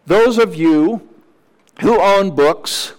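High-pitched guy preaching slow and measured, teacher vibe, chats to the congregation now and then. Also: long reverb tail, rough recording. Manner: measured, teacherly, with asides to the room. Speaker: pastor. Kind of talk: sermon.

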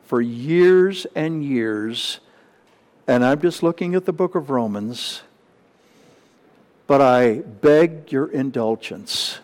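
Slow, lively-voiced male preacher. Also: a little high. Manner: slow, emphatic, with repeated phrases and rising questions. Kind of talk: sermon teaching with slides.

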